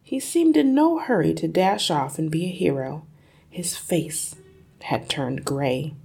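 A woman's voice: sits low, vocal fry, slightly rough. A woman reading a children's novel aloud expressively, then posing study questions. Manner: expressive, slow and careful. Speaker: storyteller and reading teacher.

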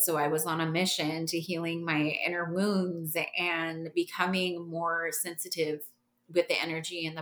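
Podcast guest, woman, lower register, lively storyteller, echoey room. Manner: animated, laughing, acts out quoted voices. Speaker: podcast guest, massage therapist. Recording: roomy echo.

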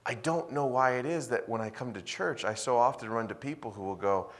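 A male pastor preaching a sermon, swinging between loud emphasis and quiet asides. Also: medium pitch, a little fast, few pauses.

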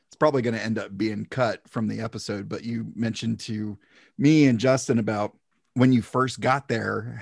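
A man's voice: on the low side, vocal fry, no echo, studio quality. A man hosting a podcast, asking long, meandering questions in casual chat. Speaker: podcast host.

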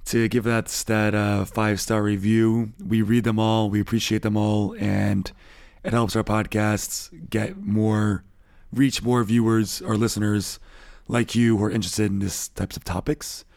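A man co-hosting a podcast in a relaxed, chatty way, with a slightly mumbly voice. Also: lowish voice, measured pace, no echo, studio quality. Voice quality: gravelly, a bit mumbly. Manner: relaxed, chatty, laughs easily. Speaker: podcast co-host. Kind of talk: casual chat.

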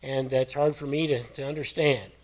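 A middle-aged man preaching a sermon in a folksy, earnest, conversational way, his voice hoarse and cracking. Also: medium pitch, steady tone, normal speed. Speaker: pastor.

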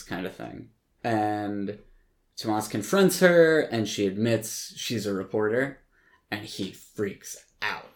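A podcast host with a lowish voice talks slowly through a film recap, rambling casually with plenty of "like" and "um" and the odd curse word.

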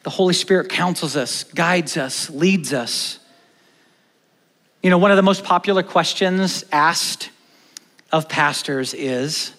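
A pastor with a fairly high voice preaches a sermon at a moderate pace in a church hall, animatedly shifting between loud stresses and hushed, emphatic lines. Long church-hall reverb fills the recording.

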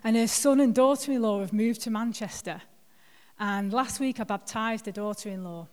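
A woman's voice: fairly high pitch, moderate pace, a little mellow. A woman, a guest speaker telling personal stories in a church sermon, chatty and self-deprecating with plenty of filler words. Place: church hall. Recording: long hall reverb.

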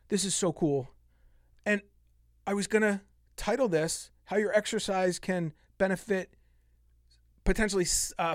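A man's voice: sits high, no echo, clean studio sound. A man in his fifties hosting a solo fitness podcast, talking passionately and getting worked up as he vents. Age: 50s. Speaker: podcast host.

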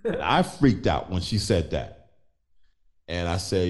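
A middle-aged man telling a personal story in conversation, animated and acting out the voices of people he quotes. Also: sits low, slow pace.

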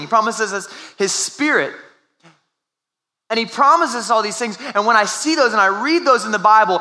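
A man's voice: high-pitched, pushed and bright. A young adult man preaching a sermon as pastor, telling a family story in a conversational way with restarts.

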